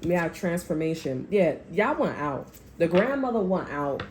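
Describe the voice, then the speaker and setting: A woman's voice: lowish voice, big pitch swings, moderate pace, darkish tone, a little hiss or hum. A woman giving a casual tarot reading, blunt and rambling, with heavy swearing and frequent repetition. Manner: rambling, repeats herself. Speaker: tarot reader.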